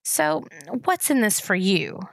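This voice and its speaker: Young boy hero, earnest, fighting nerves, as a woman reads him. Plain, gravelly tone. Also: fairly high pitch, slow, no room sound, clean studio sound, heavily acted. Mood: tense. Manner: earnest, trying to stay steady. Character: brave boy hero, tense and protective.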